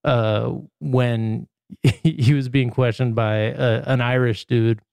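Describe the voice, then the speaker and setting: Smooth-voiced man chatting casually. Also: mid-range voice, slow pace, no echo. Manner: relaxed, amused commentary. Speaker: podcast co-host. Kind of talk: casual chat.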